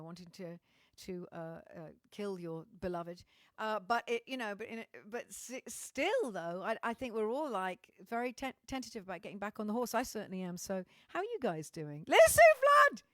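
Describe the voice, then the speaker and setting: A middle-aged Welsh woman talks straight to her livestream viewers in a candid, rambling way, with a mid-pitched voice. She swears now and then and often restarts her sentences. The sound is dry and close, with no room echo. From Wales. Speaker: musician hosting a livestream. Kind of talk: casual chat to live viewers.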